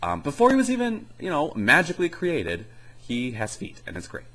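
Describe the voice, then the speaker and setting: A man's voice: fairly high pitch, wildly swooping pitch, moderate pace, fairly bright tone, low-quality recording. A young man giving a rambling, sarcastic comedy review in casual chat. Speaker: video reviewer.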